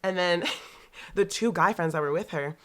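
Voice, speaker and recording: Young woman w a low voice, animated, swearing a lot, acting out quotes. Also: moderate pace. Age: young adult. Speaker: podcast guest. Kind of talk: casual storytelling.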